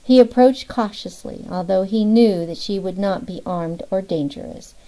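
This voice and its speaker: A woman's voice: moderate pace, mellow, low-quality recording. A woman narrating a novel as an audiobook, lifting her voice slightly for the characters' lines. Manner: reads all characters with small pitch lifts for dialogue.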